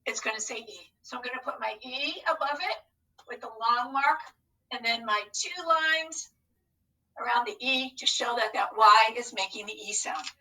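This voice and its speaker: A woman's voice: a little high, normal speed, bright, forceful tone, distant mic, poor audio. A woman teacher leading a recorded phonics lesson, upbeat and coaxing as she talks to unseen students.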